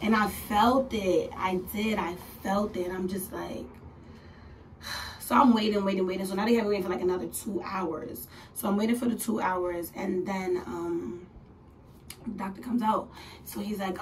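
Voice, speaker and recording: A young woman vlogging, telling a story in a chatty, animated way, dropping to whispers and rising to laughing squeals as she acts out what people said. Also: mid-range voice, moderate pace. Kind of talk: casual storytelling. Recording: a little distant from the mic, faint room noise.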